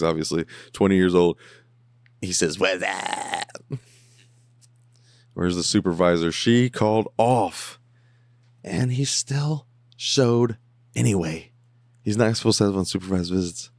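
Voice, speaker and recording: A man with a low voice talks loosely over an episode he is watching, joking and slipping into mock voices of the characters. His mic is close and the sound is dry, with no room in it. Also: darkish tone, no echo. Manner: rambling and jokey, humming along and mimicking characters. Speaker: podcast host reacting to a TV episode. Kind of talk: casual watch-along commentary. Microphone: headphones on, close mic.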